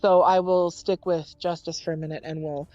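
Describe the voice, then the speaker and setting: Low-voiced woman game master. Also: little pitch movement, mellow, no echo, dull audio, soft background music. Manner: measured, explanatory, frequent ums. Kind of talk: narrating a tabletop game.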